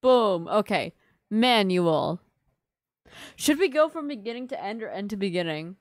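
A woman's voice: medium pitch, very animated, unhurried, no echo. A woman streaming live, chatting casually with her viewers and teasing them in a playful, mock-offended way. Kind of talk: casual livestream chat with viewers.

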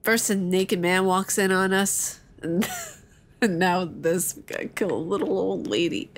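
A woman's voice: lowish voice, unhurried, a little hiss or hum. A young woman hosting a let's-play, chatting playfully with her viewers as she plays. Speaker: gaming channel host. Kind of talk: casual let's-play commentary.

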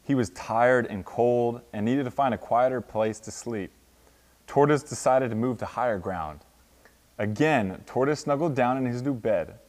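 A man's voice: mid-range voice, normal speed, a little mellow. A young man in his twenties, a college football player, reading a children's picture book aloud with sound effects. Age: 20s. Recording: long hall reverb.

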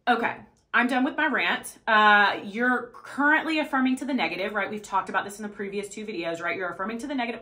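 A woman's voice: mid-range voice, quick pace, pushed and bright. A woman fitness coach in a casual motivational vlog, blunt and profane, with emphatic delivery and a habit of checking in with "okay?" and "right?".

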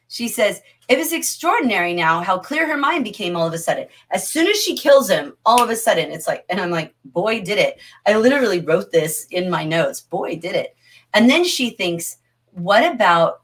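A middle-aged woman teaches a literature lesson on a livestream. She talks in a chatty, animated way and reacts to viewers' comments. Her voice sits at an ordinary middle pitch. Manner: animated, chatty, reads chat comments aloud.

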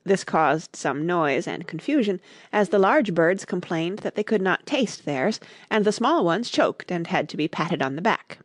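A woman reading a classic children's storybook aloud as narrator, with expressive, lively storytelling. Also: fairly low pitch, unhurried, few pauses, dry recording, studio quality. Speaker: audiobook narrator.

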